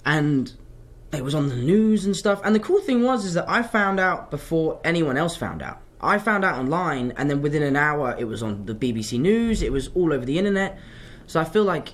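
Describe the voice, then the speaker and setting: A young man, an actor answering fan questions in a casual live chat, telling stories in an animated, self-mocking way. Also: a little high, a little fast.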